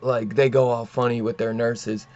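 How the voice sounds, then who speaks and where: A man's voice: mid-range voice, little pitch movement, moderate pace, darkish tone, lo-fi sound. Casual man rambling through a plot recap. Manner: rambling, profane plot retelling with many fillers. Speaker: comic book reviewer. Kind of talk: casual comic book review.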